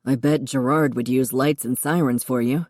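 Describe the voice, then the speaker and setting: A woman reading an audiobook, voicing a calm, kind male police officer who speaks low and reassuring. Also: normal speed, dry recording, clean studio sound.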